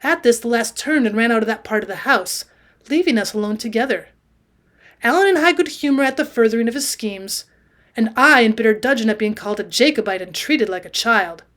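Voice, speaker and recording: A woman with a fairly high voice reads a classic novel aloud for her students. Her reading is expressive, and she gets louder whenever a character speaks. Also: brisk. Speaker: audiobook reader and teacher.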